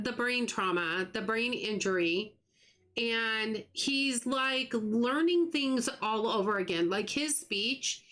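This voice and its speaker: A middle-aged woman from the United States talks straight to her live-stream viewers in a casual, earnest way. Her voice sits a little high, and she often breaks off and restarts a thought. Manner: earnest, talks fast when excited, trails off and restarts. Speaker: livestream gaming host.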